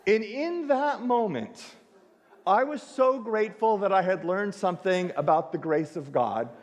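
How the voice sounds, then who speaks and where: A male pastor preaching a sermon, telling a story with lively acted-out dialogue. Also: high-pitched, a little slow, lo-fi sound. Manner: animated storytelling, acts out dialogue. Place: church sanctuary. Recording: reverberant church sanctuary.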